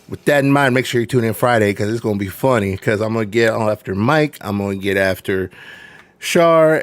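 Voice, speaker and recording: A man on a podcast giving plugs and loud wrestling-style trash talk in casual banter. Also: medium pitch, no echo. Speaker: podcast guest.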